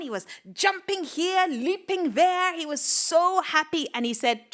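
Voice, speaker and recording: A woman storyteller telling a folktale live, dramatic and expressive, with sound effects and whispered asides. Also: high-pitched, unhurried.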